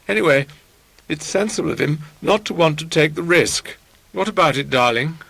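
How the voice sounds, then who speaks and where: A man's voice: on the high side, moderate pace, creaky, bright, forceful tone, no room sound, voice pushed up, full character voice. A man doing a pompous young artist. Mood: smug. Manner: condescending, smarmy. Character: pompous, self-satisfied young male artist.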